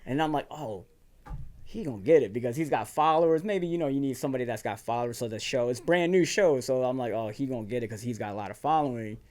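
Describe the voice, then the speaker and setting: Casual male guest from Virginia, slight Southern twang, relaxed storyteller who acts out quotes. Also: medium pitch, quick pace. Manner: laid-back, drops into quoted asides, laughs often. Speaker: guest firefighter.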